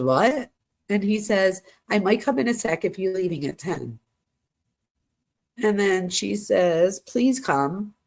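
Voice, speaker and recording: A woman hosting a true crime channel, reading text messages aloud in a casual way, talking straight to her viewers and reacting as she goes. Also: medium pitch. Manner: casual, addresses viewers directly, reacts to what she reads. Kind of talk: reading texts aloud with commentary.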